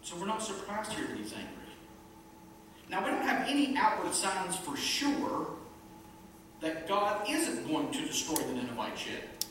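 A pastor preaches emphatically to a small congregation, using rhetorical questions and playful asides. His medium-pitched voice is very animated, a little slow and fairly bright in tone. The recording comes from a distant mic in a very echoey room, with faint noise.

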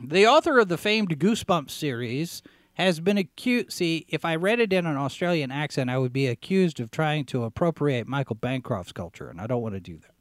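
A man hosting a talk show, giving sarcastic commentary as he reads out headlines, often clearing his throat and restarting his sentences. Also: on the high side, big pitch swings, normal speed, no echo, studio quality. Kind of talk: opinionated commentary, reading headlines.

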